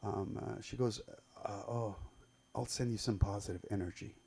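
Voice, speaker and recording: A man's voice: on the low side, steady tone, moderate pace, creaky, a little mellow, slight background noise. Profane, rambling stand-up comedian man. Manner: profane, rambling storytelling with many fillers and restarts. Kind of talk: stand-up set at an open mic. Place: live comedy club stage.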